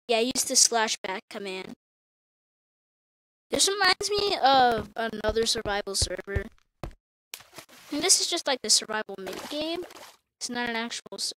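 A woman's voice: a little high, noisy background. A woman giving casual, rambling commentary while playing a video game, often correcting herself and talking to viewers. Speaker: gamer.

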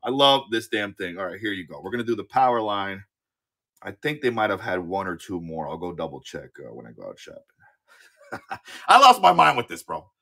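A man in his thirties hosting a live-auction stream in casual chat, excitable, swearing freely and often repeating his words. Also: low-pitched, a little fast, creaky. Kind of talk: casual livestream sales chat.

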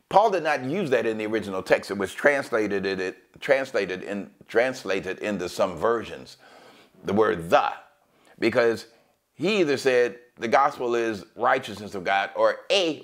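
A man's voice: lowish voice, lively intonation. Emphatic male preacher. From United States. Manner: emphatic preaching, quotes scripture in a raised, slowed voice. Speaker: pastor. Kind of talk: sermon.

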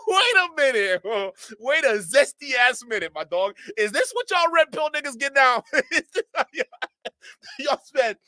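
A man's voice: extremely high pitch, sing-song, a little slow, bright, forceful tone, dry recording. A man reacting to a video on a live stream, mocking it in slang and breaking into laughter again and again.

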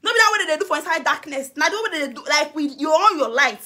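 A high, bright-toned Nigerian woman talks into her phone on a live video. She hammers the same demands again and again, half-laughing between her warnings. The voice is sharp and close to the phone. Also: expressive, very fast. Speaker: social media personality. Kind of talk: confrontational live video rant. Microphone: phone camera, face to face.

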